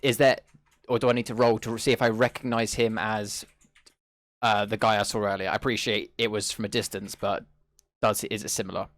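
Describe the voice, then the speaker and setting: A man's voice: lowish voice, little pitch movement, brisk, fairly bright tone, dry recording. A man playing a tabletop game, asking many curious questions. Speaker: player.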